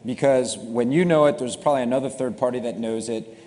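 A middle-aged man who founded a cybersecurity company answers interview questions in a relaxed, explanatory way with dry self-deprecating humor. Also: mid-range voice, fairly quick, in a large hall.

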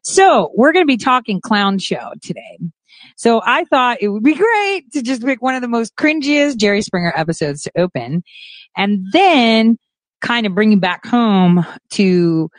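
A woman's voice: on the low side, dry recording. A woman hosting a stream, commenting casually on clips with frequent laughter and restarts. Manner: giggly, laughs often, trailing restarts. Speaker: streamer host.

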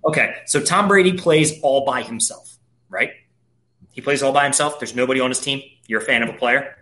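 A man's voice: medium pitch, brisk, sharp tone. A man, ranting profanely as a podcast co-host in casual sports chat.

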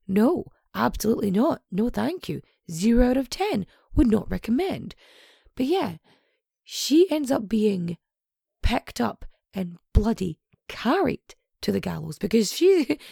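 A woman's voice: medium pitch, vocal fry, warm tone, slightly rough, dry recording, studio quality. A young woman casually retelling a true crime story, sweary and sarcastic, with lots of asides.

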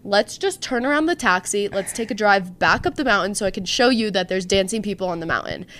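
A woman's voice: medium pitch, fairly quick, a little hiss or hum. A young woman hosting a podcast, telling a story in casual chat and acting out the quotes. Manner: animated storyteller, acts out quotes. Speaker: podcast host.

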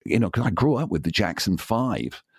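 Brief: English male DJ in his sixties, very low voice, lively storyteller on a dry remote line. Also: moderate pace, slightly rough, no room sound. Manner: enthusiastic, acts out quoted voices. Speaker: guest, DJ. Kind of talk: anecdotal interview storytelling.

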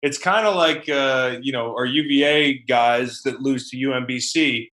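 A man's voice: medium pitch, measured pace, sharp tone. A man co-hosting a sports podcast, rambling in casual, conversational chat.

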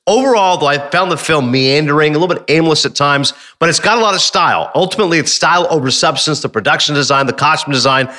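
A male co-host in casual sports and pop culture banter, talking in a rapid, animated flow. His voice is bright and forceful and sits a bit high for a man. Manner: animated, quick, lots of asides.

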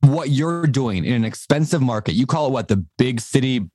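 A man's voice: medium pitch, lively intonation, normal speed, a little mellow, dry recording, clean studio sound. A man hosting a podcast, chatting in a jokey, rambling, self-deprecating way. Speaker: podcast host. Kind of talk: casual podcast chat.

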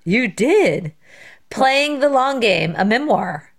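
A woman's voice: a little high, expressive, takes it slowly. A woman co-hosting a podcast, playful and teasing in casual chat. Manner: playful, laughs often, teasing. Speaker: podcast co-host.

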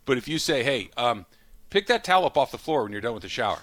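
A man co-hosting a sports radio show, a father who talks in a lively, animated way and acts out scenes with raised voices. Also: mid-range voice, quick pace, no echo. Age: adult with kids. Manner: animated, acts out a yelling parent.

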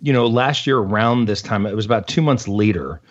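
A man's voice: fairly low pitch, brisk. A man chatting as a podcast guest, rambling and self-deprecating as he tells stories. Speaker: guest analyst. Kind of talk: casual podcast chat. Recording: dull lo-fi audio.

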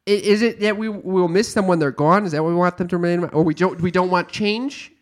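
A man co-hosting a casual podcast, rambling and musing aloud with halting restarts. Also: high voice. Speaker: podcast co-host.

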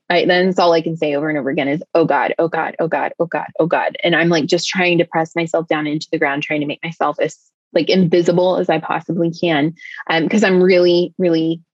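A woman telling a personal story in conversation, rushing along with many fillers. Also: on the low side, dry recording, muffled recording. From United States. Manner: tumbling, filler-heavy storytelling with many likes. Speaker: interview guest.

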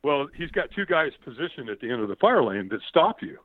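Male guest, animated storyteller with a lively, swinging pitch, recorded over a dry, tinny phone-like line. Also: fairly quick, no echo. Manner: lively, acts out quoted shouts, repeats words. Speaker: podcast guest.

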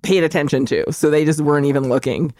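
A woman in her forties with a fairly low voice co-hosts a movie podcast. Her sound is dry and close. She makes deadpan, sarcastic asides and keeps the talk casual. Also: quick pace, no echo. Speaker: podcast co-host.

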